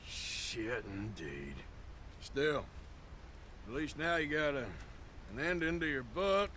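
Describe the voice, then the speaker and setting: A rugged outlaw from a video game, blunt and dryly sardonic. His voice is slightly high and swings widely in pitch. Steady game noise runs under him. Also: slow pace, full character voice. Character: rugged adult male outlaw, dry and sardonic. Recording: game audio with clear background noise.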